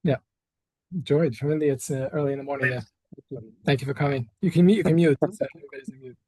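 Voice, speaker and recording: A man's voice: medium pitch, fast, darkish tone. An earnest man leading a religious workshop in a study hall, often restarting his phrases. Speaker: workshop leader. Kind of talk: Torah workshop lecture. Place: study hall with online attendees.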